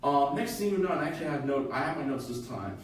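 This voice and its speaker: A man casually retelling a fan fiction story on a podcast, halting and full of fillers. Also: a little high, lively intonation, slight background noise. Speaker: podcast co-host. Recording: echoey room, from far off.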